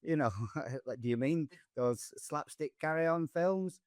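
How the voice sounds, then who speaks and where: A man's voice: fairly high pitch, measured pace, clean tone, no echo, clean studio sound. A man with a Northern English accent, hosting a casual podcast and telling rambling anecdotes. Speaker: podcast host and comedian.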